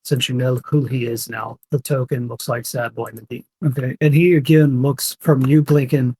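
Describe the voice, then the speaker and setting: A man's voice: medium pitch, steady tone, moderate pace, mellow, breathy edge. A young man running a tabletop game as game master, narrating casually with fillers.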